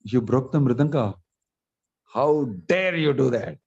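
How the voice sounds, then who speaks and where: A man's voice: medium pitch, expressive, unhurried, gravelly, darkish tone, slightly rough, heavily acted. A man voicing a fierce, menacing male deity who scolds and threatens, in a dull lo-fi recording.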